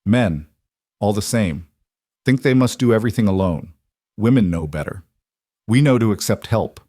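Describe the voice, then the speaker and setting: A male narrator puts on a brisk, stern older farm wife with a Norwegian accent, speaking short, blunt broken English. The voice is fairly low, animated and mellow, and the sound is dry and close with no echo.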